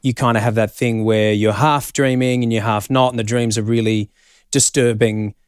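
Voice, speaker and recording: A man's voice: mid-range voice, fairly even intonation, normal speed, smooth, dry recording. Australian male host, dry close sound, reactive and exclamatory. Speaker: podcast host. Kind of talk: casual interview chat.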